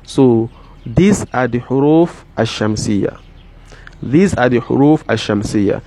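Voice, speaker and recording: A man's voice: medium pitch, animated, dark tone, a little hiss or hum. Man teaching patiently. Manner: repeats example words slowly and deliberately; patient, with many fillers and restarts. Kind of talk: explaining a text line by line.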